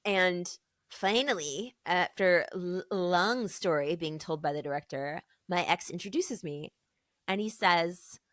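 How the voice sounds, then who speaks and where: A woman with a fairly low voice, speaking at normal speed, co-hosts a podcast. Chatting casually, she narrates a story with animation and imitates the voices of the people involved. The studio-quality audio has no echo.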